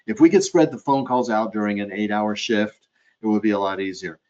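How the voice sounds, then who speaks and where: A man's voice: lowish voice, brisk, a little mellow. A man presenting a live hospitality training webcast, demonstrating phrasings by acting out different tones of voice. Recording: dull lo-fi webcast audio.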